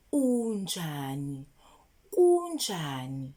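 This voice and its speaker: A woman's voice: mid-range voice, big pitch swings, a little mellow. A woman teaching children, prompting them to repeat after her and praising them. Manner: slow, sing-song, encouraging repetition prompts. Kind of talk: children's language lesson.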